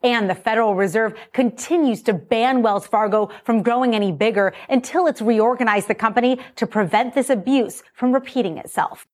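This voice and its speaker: A woman news anchor reading a report in a crisp, formal broadcast delivery. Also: fairly high pitch, brisk, hardly any pauses.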